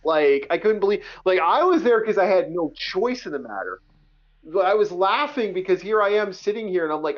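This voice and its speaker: A man's voice: sits high, big pitch swings, a little fast. Profane ranting man, lo-fi sound. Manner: profane, heated ranting with many restarts. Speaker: podcast co-host. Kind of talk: casual ranting chat. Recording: dull lo-fi audio.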